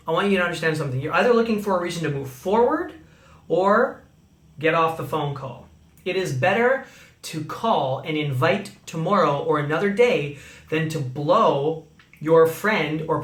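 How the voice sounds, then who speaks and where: High-voiced male trainer, coaching tone, acts out sample calls, phone-recorded in a roomy space. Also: fairly bright tone. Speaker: sales trainer. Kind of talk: instructional talk to camera. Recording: echoey room, phone mic.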